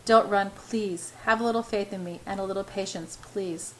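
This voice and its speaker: A woman reading the lines of an intense, brooding young businessman in a spoken story, in a low, quiet, earnest way. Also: steady tone, normal speed, slight background noise, lightly acted.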